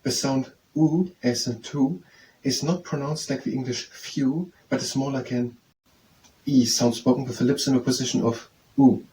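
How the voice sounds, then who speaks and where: A man works through basic French phrases, sounding each one out slowly and repeating it again and again as he thinks aloud. His voice sits at an ordinary middle pitch. He is picked up by a mic set some way off, with a faint hum of noise behind him. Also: steady tone, warm tone, far from the mic, low-quality recording. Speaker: language learner teaching himself.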